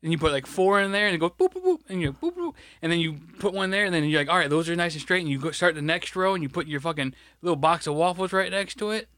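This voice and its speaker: A man's voice: a little high, expressive, fast, few pauses, fairly bright tone, no echo, studio quality. A man chatting casually on a podcast, rambling and swearing often as he vents. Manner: rambling, frustrated, swears a lot. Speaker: podcast co-host; grocery stocker. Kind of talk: casual profane chat.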